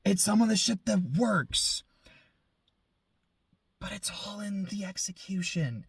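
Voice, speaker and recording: Male anime reviewer with a high voice, dry close mic, casual and sarcastic with lots of swearing. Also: lively intonation, slow, creaky, husky, no room sound. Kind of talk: video essay commentary.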